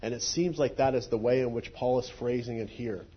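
A man's voice: mid-range voice, fairly even intonation, fairly quick, husky, highs cut off. A man, a pastor, explaining scripture in a thoughtful teaching style. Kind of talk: sermon teaching.

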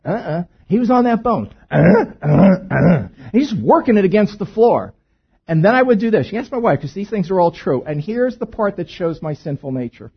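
A man preaching a sermon, telling a humorous story that swings between hushed asides and loud bursts. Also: high-pitched, big pitch swings, normal speed, creaky, slightly rough, muffled recording. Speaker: pastor.

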